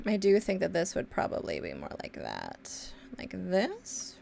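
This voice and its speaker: A woman's voice: fairly low pitch, huge pitch swings, unhurried, vocal fry, a little mellow. A young woman streaming her pixel art, chatting in a rambly way, swearing casually and humming to herself as she draws. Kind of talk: casual chat while drawing pixel art.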